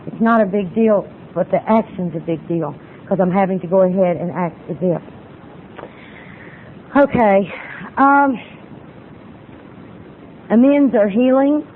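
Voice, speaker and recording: A woman giving a personal recovery talk at a retreat, telling her story in a folksy way and acting out the exchanges she quotes. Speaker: retreat speaker. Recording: tinny lo-fi tape with faint rumble.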